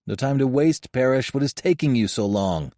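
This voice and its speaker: A man's voice: mid-range voice, animated, normal speed, dark tone, no room sound, studio quality, voice pushed up, lightly acted. A man voicing a stern, impatient man who scolds and gives orders. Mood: commanding.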